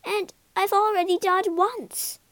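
A woman voicing a vain, fussy female ghost in a shrill, dramatic way. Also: fairly even intonation, slow, fairly bright tone, no echo, full character voice. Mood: flustered.

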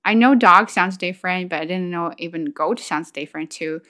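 A woman's voice: lowish voice, moderate pace, pushed and bright. Chatty woman imitating animal sounds. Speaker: vlogger. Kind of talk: casual chat about language and culture.

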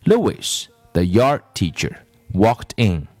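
A man's voice: on the low side, big pitch swings, slow, a little mellow, no echo, clean studio sound. A man reading a children's story aloud, in a storyteller's reading manner.

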